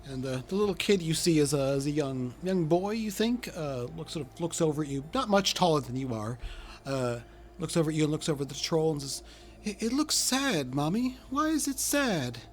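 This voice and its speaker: A man narrating a tabletop game as game master, in a halting way full of hesitations. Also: on the high side, a little mellow. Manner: halting, lots of uh's and restarts.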